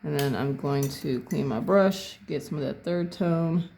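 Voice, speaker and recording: Mellow, gravelly painting tutor. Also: medium pitch, a little slow. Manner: calm, thinks aloud, corrects own words mid-phrase. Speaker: painting instructor. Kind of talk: casual step-by-step painting tutorial.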